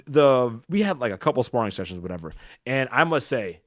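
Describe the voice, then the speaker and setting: A man talking casually as a boxing coach and co-host, loose and energetic, with lots of fillers. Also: mid-range voice, a little fast, no echo, clean studio sound. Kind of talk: casual podcast chat.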